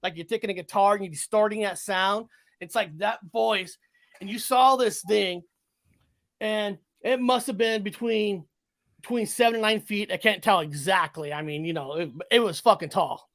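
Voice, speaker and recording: A man in his forties telling a story in casual conversation, animated and profane, often restarting and correcting himself. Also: sits high, normal speed, no room sound. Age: 40s. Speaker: guest.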